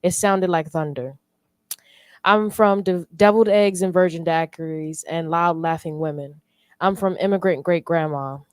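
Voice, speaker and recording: Young woman reciting a poem, low-ish voice. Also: normal speed, no echo. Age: young adult. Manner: steady recited cadence. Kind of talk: spoken word poetry reading.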